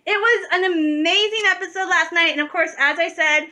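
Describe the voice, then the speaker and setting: A young woman vlogging in a casual, gushing way, talking fast and emotionally. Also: extremely high pitch, steady tone, pushed and bright. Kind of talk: excited casual fan vlog.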